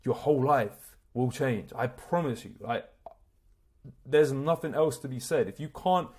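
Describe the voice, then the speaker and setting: An energetic man speaks straight to camera as a self-improvement coach. He talks in a loose, slangy way and swears freely. His pitch sits at an ordinary middle level for a man. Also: unhurried, husky. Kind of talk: motivational talk to camera.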